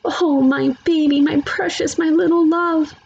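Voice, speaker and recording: A woman's voice: medium pitch, lively intonation, normal speed, darkish tone, lo-fi sound, slight background noise, pitched above the performer's own voice, natural voice. A woman voicing a doting, fretful mother who fusses over her child. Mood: fussing.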